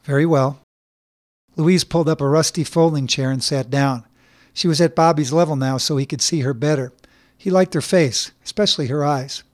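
A man's voice: fairly high pitch, brisk, no room sound. Man narrating a story, dry close sound. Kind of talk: scripted narration.

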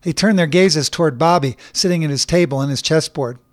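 A man reads a short story aloud at a measured, even pace. His voice sits a little high. The recording is dry and close, with no room echo. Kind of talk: scripted narration.

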